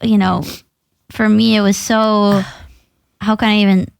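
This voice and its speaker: A woman's voice: mid-range voice, little pitch movement, a little slow, gravelly, clear, resonant tone, dry recording. A woman co-hosting a podcast, chatting casually in a playful, giggly, rambling way. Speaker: podcast co-host. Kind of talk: casual chat.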